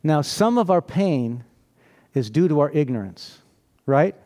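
A man's voice: a little high, lively intonation, unhurried, dark tone. A man preaching a sermon in a conversational, storytelling way, often asking rhetorical questions and laughing.

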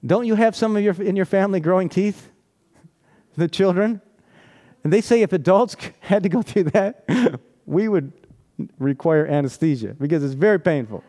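A man's voice: high voice, animated, moderate pace, warm tone. A man preaching a sermon in a conversational, storytelling way, often asking rhetorical questions and laughing.

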